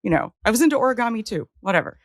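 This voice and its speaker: A woman's voice: a little high, sing-song, rapid-fire, dry recording. A woman co-hosting a TV rewatch podcast, chatting casually in an emphatic, self-mocking way. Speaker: podcast co-host. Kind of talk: casual chat.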